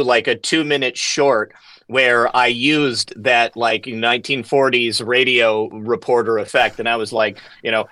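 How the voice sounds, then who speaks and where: A man's voice: mid-range voice, pushed and bright, dry recording. A male guest talking on a phone, chatting casually and animatedly, laughing a lot and repeating words as he goes. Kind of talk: casual political chat.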